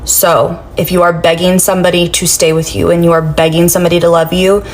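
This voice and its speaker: A woman's voice: fairly low pitch, flat delivery, a little fast, a little hiss or hum. A woman giving blunt, profane advice in a casual straight-talk monologue. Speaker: advice speaker.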